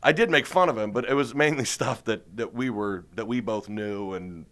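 A man's voice: fairly low pitch, moderate pace, a bit bright. A man being interviewed as a stand-up comedian, telling rambling jokey stories in casual chat. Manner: joking, rambling storyteller.

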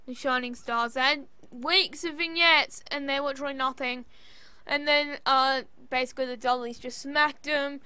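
An Australian woman rattles through a wrestling recap in a high, bright voice. She rambles, curses freely and keeps breaking into loud outbursts. The sound is close and dry, with no room around it. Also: a little slow, dry recording. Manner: excitable, rambling, cursing, with sudden loud outbursts. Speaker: wrestling show reviewer. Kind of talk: casual recap commentary.

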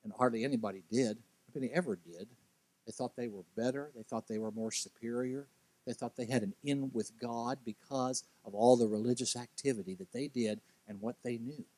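A man preaching as a guest speaker at a church, telling a story with lively, animated delivery. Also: a little fast, dry recording. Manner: animated storytelling, acts out characters' quotes with big pitch jumps. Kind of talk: sermon.

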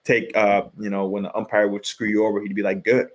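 Casting: man, thirties, lowish voice, ex-pitcher podcast host, loose rambling delivery. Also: monotone, fast talker. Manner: rambling, repeats words while thinking. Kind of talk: casual sports chat.

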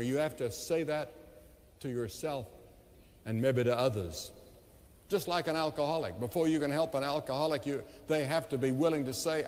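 Casting: a male evangelist, somewhat high voice, passionate storytelling sermon, big hall echo. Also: moderate pace. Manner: impassioned storytelling with dramatic rises and hushed drops. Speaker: evangelist preacher. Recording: long reverb of a large hall.

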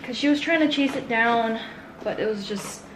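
A young woman with a fairly high voice chats at normal speed in a casual vlog, with background noise present. Full of "like," her talk retells stories as she acts out others' words.

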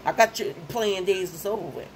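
A woman's voice: mid-range voice, a little fast, a little hiss or hum, low-quality recording. A young woman, venting in a casual vlog. She rants, repeats phrases and gets herself worked up. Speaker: vlogger.

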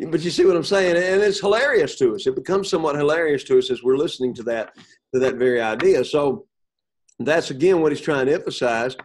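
A man teaching a Bible class to students, pausing often, repeating words and checking in with "okay?". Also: mid-range voice, lively intonation. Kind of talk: classroom lecture with questions to students.

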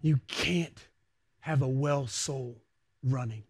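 A young adult male pastor preaching a sermon, swinging between hushed words and shouted peaks. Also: medium pitch, takes it slowly, breathy edge.

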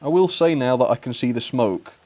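A man's voice: medium pitch, animated, brisk, warm tone. A young British man giving a chatty, blunt review of a model train on his video channel, laughing now and then.

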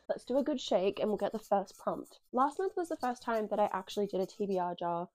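A woman with an Australian accent chatting excitedly to camera as a book vlogger. She sounds stuffy and nasal from a cold and swears casually. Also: mid-range voice, brisk, dry recording. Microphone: dedicated microphone close up.

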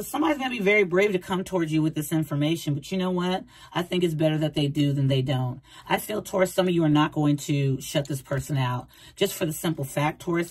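A woman's voice: low voice, darkish tone, breathy edge. A woman doing a casual tarot reading, rambling and repeating herself as she talks through the cards. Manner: chatty, rambling, repeats phrases, acts out quoted thoughts. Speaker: tarot reader.

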